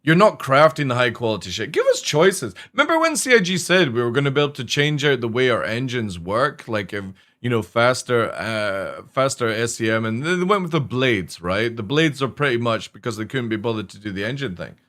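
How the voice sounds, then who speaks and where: A man ranting on a game stream, his pitch swinging widely as he complains. He swears freely and sounds fed up, in a loose, casual way of talking. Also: fairly quick, few pauses. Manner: animated, swearing often, exasperated. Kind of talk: profane casual rant while streaming.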